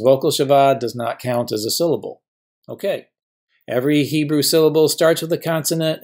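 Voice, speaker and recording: A man's voice: mid-range voice, darkish tone. Patient man teaching a grammar lecture. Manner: patient, stretches out example words slowly. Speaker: professor teaching biblical Hebrew.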